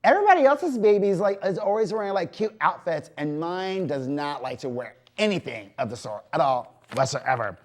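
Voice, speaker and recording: A man hosting a community TV variety show from a studio, talking in a gossipy, animated, casual monologue full of "like" and "you know". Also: a little high, moderate pace, few pauses.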